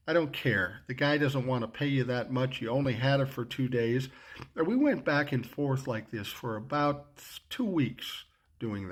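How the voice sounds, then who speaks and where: Blunt, profane older man telling a story. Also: medium pitch. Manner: blunt, profane, acts out both sides of quoted dialogue. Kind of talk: casual spoken anecdote.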